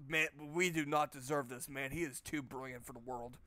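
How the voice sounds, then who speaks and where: A man's voice: mid-range voice, steady tone, moderate pace, sharp tone. A man giving sarcastic, profane let's play commentary while playing a horror game. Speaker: game streamer.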